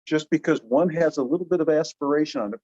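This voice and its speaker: A middle-aged man teaching a language class in a chatty, animated way, often asking the class questions. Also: fairly high pitch, fast, highs cut off. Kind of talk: classroom lecture.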